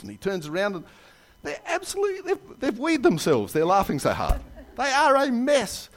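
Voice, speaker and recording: A man preaching a sermon in a church, telling jokes and stories with lively asides. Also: high-pitched, moderate pace. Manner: animated storytelling with jokes and asides. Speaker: pastor.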